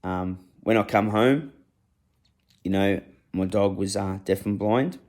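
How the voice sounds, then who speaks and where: A man's voice: fairly low pitch, slow, a little mellow. A young man telling a raw personal story, blunt and rambling, swearing freely.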